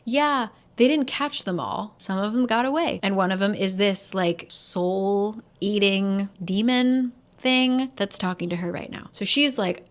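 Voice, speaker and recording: A chatty woman recapping a fantasy book for her viewers. She talks in a loose, conversational way, full of "like" and the odd casual swear. She sits at a mid pitch and keeps the tone relaxed and informal. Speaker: book reviewer.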